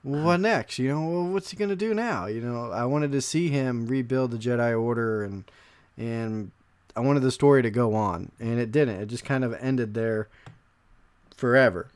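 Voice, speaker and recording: Man, podcast host, casual chat, monotone reading, dry mic. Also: mid-range voice, normal speed, smooth, dry recording. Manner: reads quotes aloud, calls his own voice monotone.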